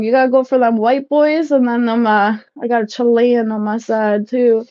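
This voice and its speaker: A woman in her thirties chatting casually with live viewers while packing up, loud and laughing, swearing freely. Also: on the high side, fairly even intonation, moderate pace, few pauses, dry recording, highs cut off. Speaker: livestream vlogger. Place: shed, packing up.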